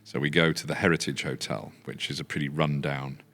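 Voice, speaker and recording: An older man from Yorkshire, a business founder telling relaxed anecdotes with many fillers. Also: a bass voice, brisk. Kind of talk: anecdotal chat.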